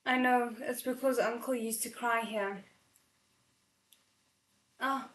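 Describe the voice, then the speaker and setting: A woman reading a novel aloud in a slightly high voice, pausing for emotional asides as she chokes up. Her voice rings a little in an echoey room. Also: steady tone. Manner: emotional, tearful asides between passages. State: choked up from crying. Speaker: novel readalong host.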